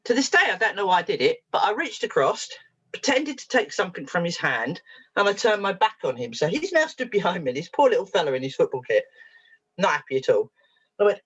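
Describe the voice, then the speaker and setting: A woman therapist telling a story to an audience in a lively, humorous, self-mocking way. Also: lowish voice, fairly quick, slightly rough. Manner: lively and humorous, with frequent laughs and self-mockery. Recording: dull lo-fi recording.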